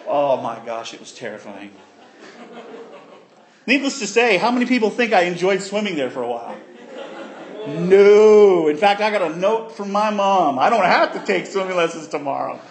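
A man preaching a sermon, telling a childhood story with animated voices and sound effects. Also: high voice, normal speed. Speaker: pastor.

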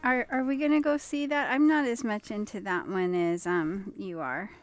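A woman's voice: mid-range voice, fairly even intonation, moderate pace, soft background music. A woman co-hosting a podcast in casual, upbeat chat, with frequent ums. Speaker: podcast co-host.

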